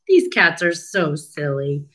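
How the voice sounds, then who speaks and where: A woman's voice: low-pitched, very animated, a bit bright. A woman, a speech therapist, reading a picture book to children and asking them encouraging questions. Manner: slow, encouraging, asks the listener questions. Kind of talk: children's storybook read-aloud lesson.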